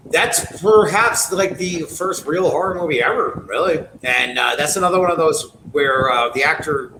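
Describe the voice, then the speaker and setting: A man's voice: fairly high pitch, moderate pace. A man co-hosting a casual horror podcast, talking loosely and rambling, with frequent swearing. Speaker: podcast co-host. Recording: echoey room with background noise.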